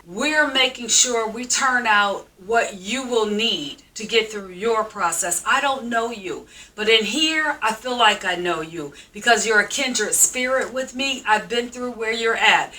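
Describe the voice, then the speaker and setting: Emphatic woman host, bright voice. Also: on the high side, measured pace, few pauses, far from the mic, soft background music, low-quality recording. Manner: frank, emphatic, preacherly, calls viewers sis. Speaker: show host. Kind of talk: direct-to-camera motivational talk.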